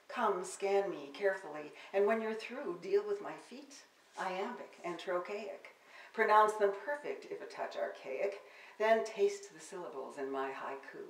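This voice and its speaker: Low-voiced older woman reading poetry, roomy. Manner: wry, theatrical delivery of verse. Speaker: poet giving a reading. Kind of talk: public poetry reading with spoken asides. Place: bookstore reading room. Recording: roomy, distant live-event recording.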